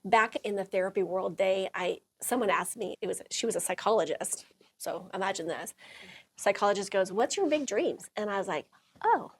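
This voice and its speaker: A woman's voice: medium pitch, steady tone, a little fast, slightly rough. A middle-aged woman hosting a talk, telling a personal story to a small audience, laughing often and acting out quotes. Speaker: host.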